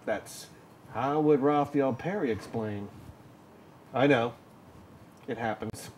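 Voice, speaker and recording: A man with a voice of ordinary pitch delivers a scripted lesson in a dry, tongue-in-cheek way. The room adds a noticeable echo, and faint noise sits in the background. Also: slow. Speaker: presenter explaining poetry. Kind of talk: scripted educational narration.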